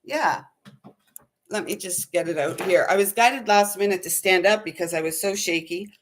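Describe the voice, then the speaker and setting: A woman's voice: mid-range voice, normal speed, slight background noise. Spiritual lady talking to her viewers, lots of um and like, sounds a bit shaky. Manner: rambling, many fillers, earnest. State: shaky, unsettled. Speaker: spiritual channel host. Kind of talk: casual spiritual livestream talk.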